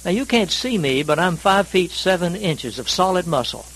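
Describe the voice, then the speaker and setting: A man from North Carolina, preaching a sermon in a folksy, self-deprecating storytelling manner with dramatic swings in pitch and volume. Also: animated, normal speed, a bit bright, a little hiss or hum, rough recording. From North Carolina, USA. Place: church service.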